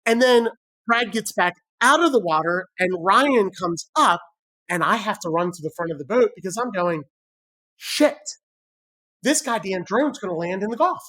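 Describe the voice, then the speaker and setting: A woman co-hosting a podcast, telling a story with animated, sweary acted-out quotes. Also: mid-range voice, moderate pace. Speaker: podcast co-host. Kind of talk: casual chat, storytelling.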